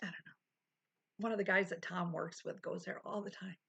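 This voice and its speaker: A woman's voice: on the low side, steady tone, brisk, vocal fry, pushed and bright, husky. A woman streamer chatting casually with her live chat, laughing often and full of exclamations, at a desk mic.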